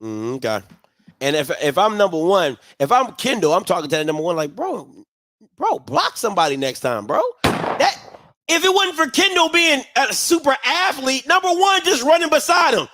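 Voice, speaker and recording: A man's voice: very high voice, very animated, normal speed, bright, forceful tone, dry recording. A man hosting a live watch party, reacting heatedly to a football game and arguing with his chat. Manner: heated, ranting, swears, mocks chat.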